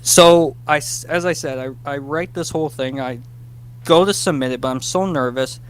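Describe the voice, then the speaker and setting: A man, a guest writer, telling a casual interview story, animated and self-deprecating about his nerves. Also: fairly high pitch, smooth. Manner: animated, acts out his past self in quick bursts.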